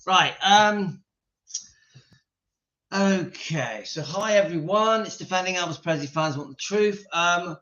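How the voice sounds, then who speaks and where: Hosting a casual live stream from home indoors, a man talks slowly in a high-pitched, bright, forceful voice. He is giggly, keeps breaking into laughter, and pauses between remarks to talk to his dog. The recording has a dull, lo-fi sound.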